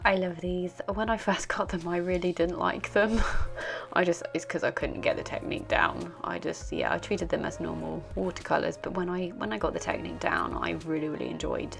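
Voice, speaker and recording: A young woman talks loosely and self-deprecatingly through her own craft footage. Her voice sits low with a heavy, gravelly fry, and soft music plays underneath. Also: fairly quick. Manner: rambling, self-deprecating, giggly. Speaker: art journaling vlogger. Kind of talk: casual voice-over narration.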